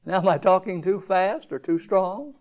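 High-voiced preacher man, lo-fi sermon. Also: expressive, moderate pace. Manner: rhetorical questions, rising to emphatic peaks then dropping low. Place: campground meeting.

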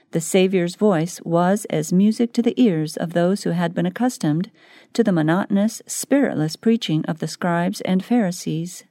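A woman reading a devotional book aloud in scripted narration, slow and measured. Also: fairly low pitch, warm tone, no echo, studio quality. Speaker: audiobook reader.

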